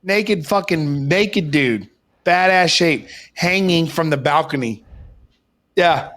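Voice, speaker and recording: On the high side and a bit bright, this young man's voice moves at a slow pace. Co-hosting a podcast, he rambles through a long, profanity-laced story while swearing it really happened.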